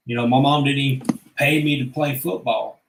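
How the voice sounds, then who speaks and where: A man's voice: medium pitch, steady tone, unhurried, vocal fry, slight background noise. A man, telling stories from his life in a blunt, rambling, profane way. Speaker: vlogger. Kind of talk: casual personal storytelling. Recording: echoey room.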